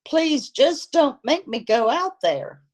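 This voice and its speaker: A woman reading aloud, voicing a terrified woman who pleads in a high, frantic voice. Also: big pitch swings, slow pace, full character voice. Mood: terrified pleading.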